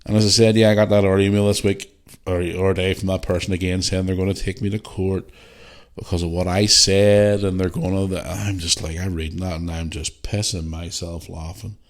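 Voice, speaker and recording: A man's voice: sits low, little pitch movement, fairly quick. A Northern Irish man hosting a podcast, ranting bluntly and animatedly with heavy swearing. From Northern Ireland. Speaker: podcast host. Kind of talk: casual podcast rant.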